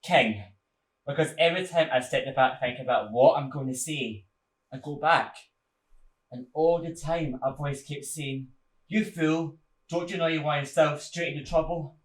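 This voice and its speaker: A man's voice: on the high side, lightly acted. An actor playing a nervous male guard who brings bad news, hesitant and stammering with many ums and restarts. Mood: rambling. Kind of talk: stage play acting. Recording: echoey room.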